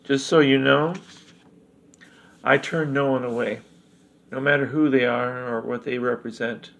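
A man voicing a calm, knowing young woman of a village, speaking in a gravelly voice. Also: mid-range voice, a little slow.

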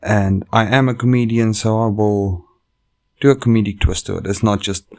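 A man with a low, gravelly voice hosts a casual story-reading show into a microphone. He wanders off track, swears often and breaks off mid-sentence to restart. The delivery is loose, unpolished comic chat. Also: fairly even intonation, moderate pace, a little mellow. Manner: rambling, profane, self-interrupting. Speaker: comedian and podcast host. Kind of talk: casual chat and reading online stories aloud.

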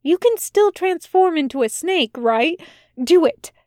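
A woman's voice: very high-pitched, expressive, measured pace, a little mellow, no room sound, studio quality, voice pushed up. A woman voicing an agitated, suspicious male angel who demands answers in a near hiss. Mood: urgent.

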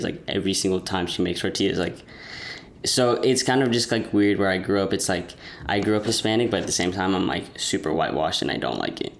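A man's voice: low-pitched, slight background noise. A young man chatting casually as a podcast host, rambling with lots of restarts and fillers. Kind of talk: casual chat.

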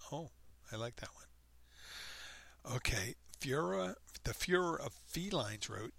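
A man reading a comic story aloud in a deadpan, playful way, acting out the quoted lines and adding his own remarks. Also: mid-range voice, a little slow, gravelly, dry recording. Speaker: reader of online posts.

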